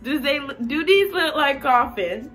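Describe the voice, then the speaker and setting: A woman vlogger in a casual rant, animated and exasperated, talking with lots of slang. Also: high-pitched, unhurried, faint music behind.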